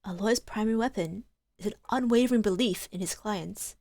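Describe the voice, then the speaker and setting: A woman's voice: medium pitch, a little fast, no echo, studio quality, lightly acted. A woman reading as an earnest young law student. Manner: earnest, gentle, softly spoken.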